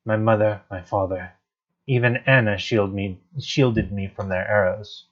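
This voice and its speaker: A man's voice: lowish voice, fairly even intonation, measured pace. A man reading the lines of a timid, grieving young prince from a game. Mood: sad. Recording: dull lo-fi stream audio, faint guitar music.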